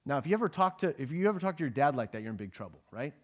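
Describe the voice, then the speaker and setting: Man, pastor, sermon, high pitch, chatty, asks the crowd questions. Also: sing-song, very fast. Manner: conversational, asks the congregation questions; acts out the characters' quoted lines. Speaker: pastor teaching a Bible passage.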